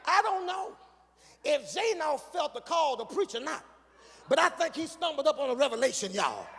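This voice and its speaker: A male pastor preaching a sermon, moving from quiet teaching into shouted, sung calls to the congregation. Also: very high-pitched, very animated, moderate pace. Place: large church sanctuary. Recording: long hall reverb with faint music.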